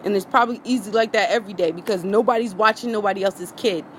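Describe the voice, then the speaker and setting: A woman vlogger with a mid-range voice and quick pace livestreams from her phone outdoors, slight background noise around her. Her rant is heated and profane, with points driven home by repetition.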